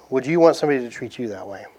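A man's voice: medium pitch, darkish tone, breathy edge. A man with a Southern US accent preaching a sermon in a conversational way, asking rhetorical questions, then closing in prayer. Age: adult, past his teens. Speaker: pastor.

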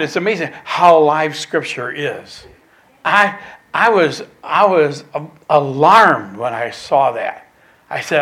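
A man preaching in a slow, deliberate sermon. His voice sits a little high for a man. He leans hard on key words, repeats phrases, and sinks to near whispers to drive points home. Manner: emphatic, swinging from loud stresses to near whispers.

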